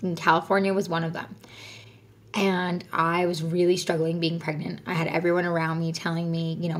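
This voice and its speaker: A woman's voice: fairly low pitch, little pitch movement, fairly quick. A woman, likely in her thirties, earnestly telling a personal story as a podcast guest, with frequent fillers. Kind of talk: personal story in casual conversation.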